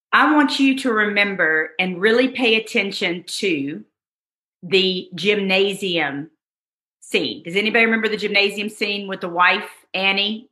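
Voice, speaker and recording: A woman's voice: mid-range voice, bright, forceful tone. A woman giving a motivational online course lesson, talking straight to her listeners and repeating phrases for emphasis. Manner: addresses listeners fondly and directly. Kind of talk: motivational teaching talk. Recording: roomy echo.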